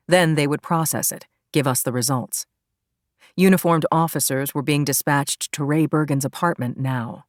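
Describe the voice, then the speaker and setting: A woman's voice: sits low, no echo, clean studio sound. A woman reading a first-person crime thriller as audiobook narrator, in a tense, dramatic manner.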